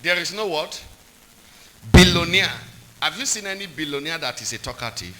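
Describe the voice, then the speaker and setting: A man's voice: fairly high pitch, expressive, fast talker, bright, forceful tone, slight background noise, rough recording. A man preaching a sermon, repeating points and quizzing the congregation with call-and-response questions.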